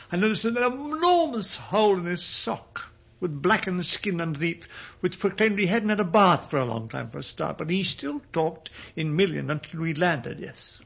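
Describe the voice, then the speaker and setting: A man's voice: high voice, expressive, normal speed, vocal fry, fairly bright tone, husky, dull audio. A man telling a wry anecdote in a mocking tone. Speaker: interviewee. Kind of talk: storytelling anecdote.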